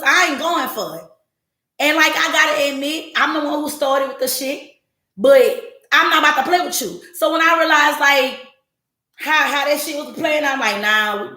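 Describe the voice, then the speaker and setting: A woman in her forties hosting a podcast, talking bluntly and with plenty of profanity in a casual monologue to her listeners. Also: high voice. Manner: blunt, profane and animated, jumping into quoted voices. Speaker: podcast host. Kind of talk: casual monologue to a live audience. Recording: echoey room.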